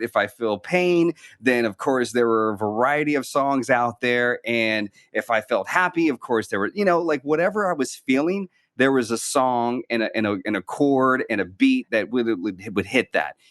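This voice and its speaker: A man's voice: mid-range voice, fairly bright tone, no room sound, studio quality. Earnest rambling male interviewer. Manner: earnest, rambling, many fillers and restarts. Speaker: podcast host. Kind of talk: conversational interview.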